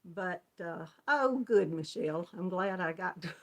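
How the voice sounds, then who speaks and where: A woman from Georgia with a Southern US accent hosts a casual live crochet chat on her channel. Her voice is lowish, expressive, and a little slow, and she greets viewers by name and laughs often.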